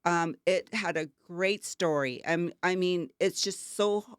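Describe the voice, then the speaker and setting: A woman's voice: lowish voice, slow, smooth, no echo, studio quality. An older woman co-hosting a talk show, talking in an earnest, emotional and rambling way with many fillers. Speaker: co-host. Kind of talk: casual talk-show chat.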